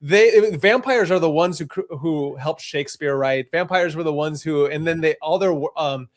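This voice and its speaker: Male podcast guest, slightly high voice, excitable and loose, laughs often. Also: moderate pace. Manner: enthusiastic, laughs easily, rambling. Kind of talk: casual chat.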